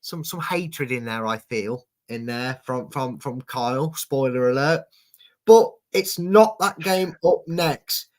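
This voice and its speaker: Chatty football show host. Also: male voice, medium pitch, lively intonation, slow. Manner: chatty, teasing, reads out viewer predictions. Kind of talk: casual football prediction chat.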